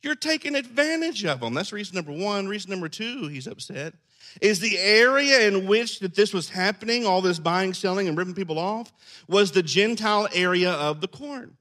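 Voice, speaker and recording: Bright, high-voiced pastor. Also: male voice, moderate pace. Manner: animated, acts out scenes in character voices. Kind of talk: sermon.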